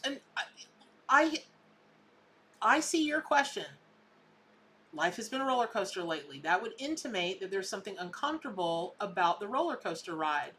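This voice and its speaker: A woman's voice: mid-range voice, very animated, moderate pace, pauses often, fairly bright tone, a little hiss or hum. A woman, hosting a live tarot reading in a chatty, emphatic way. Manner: chatty and emphatic, repeats words for effect. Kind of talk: casual live psychic reading.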